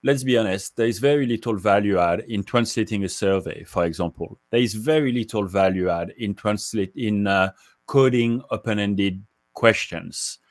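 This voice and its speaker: A man speaking as a podcast guest, measured and articulate as he explains his views. His voice sits low. The sound is close and dry. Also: dry recording. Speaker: guest, market research executive. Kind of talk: interview answers.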